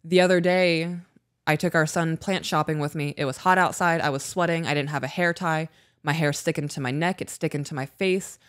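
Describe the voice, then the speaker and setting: A woman's voice: low-pitched, fairly even intonation, brisk, dry recording, clean studio sound. A woman co-hosting a podcast in casual chat, frank and swearing freely as she tells stories. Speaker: podcast co-host.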